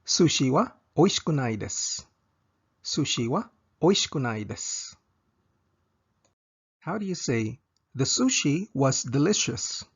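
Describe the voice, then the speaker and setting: A man with a gravelly, husky voice teaches a lesson and carries each example twice with a lively pitch. His pace is careful and his phrasing is scripted. The recording sounds a bit dull and lo-fi. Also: a little slow, pauses often. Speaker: language teacher.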